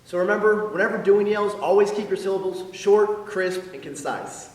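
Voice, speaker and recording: A young man, a yell leader, explaining yells slowly and deliberately, then shouting the counts. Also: sits high. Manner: slow, deliberate explaining between loud counts. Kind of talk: instructional demonstration. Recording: echoey hall, voice from far off.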